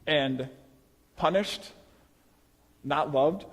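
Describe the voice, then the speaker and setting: A man delivers a relaxed, conversational sermon, slipping into quoted voices as he goes. His voice sits in a middle pitch. The sound carries the long reverb of a live hall. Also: moderate pace, pauses often. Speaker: preacher. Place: church hall.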